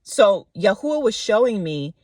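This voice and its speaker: A woman telling a casual faith storytime in an animated way, acting out the people she quotes with slangy asides. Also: medium pitch, normal speed, no echo, clean studio sound. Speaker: faith vlogger.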